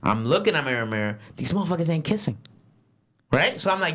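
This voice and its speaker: A young man telling a story in a casual, profane chat, swinging into loud acted-out quotes. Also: medium pitch, lively intonation, fairly quick. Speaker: podcast co-host and rideshare driver.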